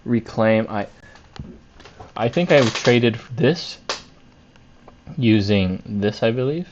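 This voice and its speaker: A man's voice: medium pitch, expressive, slow pace, darkish tone, highs cut off, a little hiss or hum. A man reviewing his week of trades on a chart, candid and self-critical, thinking aloud with fillers and restarts. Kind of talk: screen-share trade review.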